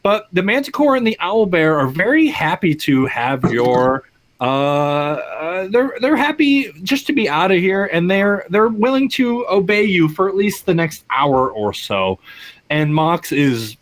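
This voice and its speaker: A man narrates a tabletop game as game master, rambling and apologetic as he goes. His voice sits a little high. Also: sing-song, unhurried, slight background noise. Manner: rambling, apologetic, stumbling restarts.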